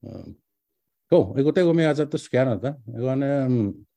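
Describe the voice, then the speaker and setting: Middle-aged guy rambling through his story, mellow dark voice, dry close sound. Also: mid-range voice, expressive, normal speed, dry recording. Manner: rambling, restarts often, mixes in words from another language. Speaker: language teacher and doctoral student. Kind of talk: casual personal storytelling.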